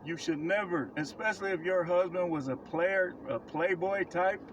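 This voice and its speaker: A man's voice: sits high, moderate pace, highs cut off, slight background noise. A man speaking as a self-described prophet, preaching life advice in a blunt, emphatic way and repeating phrases for stress. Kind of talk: casual preaching monologue to camera.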